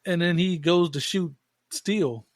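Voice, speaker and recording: A man co-hosting a podcast and retelling film scenes in an easy, slangy way. His voice sits a little high, and the recording is dry and close. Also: slow pace, no room sound. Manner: relaxed, plot-focused, slangy. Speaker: podcast co-host. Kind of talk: casual film recap chat.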